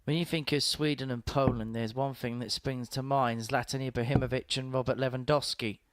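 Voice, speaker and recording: A man's voice: mid-range voice, steady tone, brisk. A man doing live darts commentary, chatty and informative, mixing play-by-play with anecdotes.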